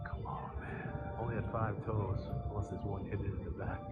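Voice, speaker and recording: A man vlogging on a tourist outing while high, talking in a giggly, loose, joking way. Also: fairly even intonation, moderate pace, narrow, tinny audio, loud music behind the voice. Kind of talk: casual vlog.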